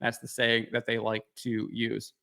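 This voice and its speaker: Male commentary host, mid-pitched, casual and critical, dismissive delivery with fillers. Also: completely flat delivery, measured pace, gravelly, pushed and bright.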